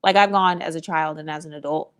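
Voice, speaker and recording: A woman's voice: low voice, fairly even intonation, a little fast, clean tone. A woman vlogger giving blunt, opinionated commentary, sassy and profane, with mocking asides.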